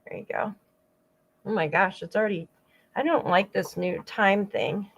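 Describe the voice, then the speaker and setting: A woman's voice: mid-range voice, moderate pace, gravelly, husky, rough recording. A woman hosting a true-crime channel, giving rambling casual commentary with frequent asides to her viewers. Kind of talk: casual commentary over clips.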